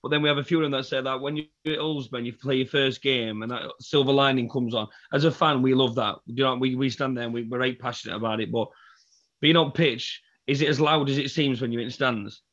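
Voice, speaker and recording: A man's voice: mid-range voice, steady tone, fairly quick, fairly bright tone. A man hosting a podcast as a fan, rambling and restarting his sentences. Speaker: podcast host, football fan. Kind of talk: casual podcast chat. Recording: dull lo-fi audio.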